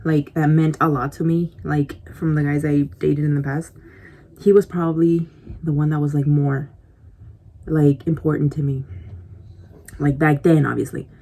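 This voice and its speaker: Low and mellow with little pitch movement, this woman speaks at a moderate pace and pauses often. As she snacks, the vlogger addresses her viewers directly in a confiding, chatty ramble packed with "like" and "you know," recorded on a compact camera mic.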